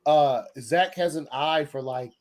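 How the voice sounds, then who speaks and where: A man's voice: on the high side, unhurried, darkish tone. A man hosting a casual podcast chat, loose and slangy, often restarting his sentences. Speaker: podcast host.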